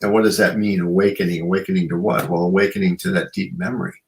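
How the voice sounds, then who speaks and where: A man's voice: deep voice, steady tone, fast, creaky, rough recording. A man talking as a guest in an interview, earnest and musing, often filling with "you know". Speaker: guest author and shamanic practitioner. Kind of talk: reflective interview conversation.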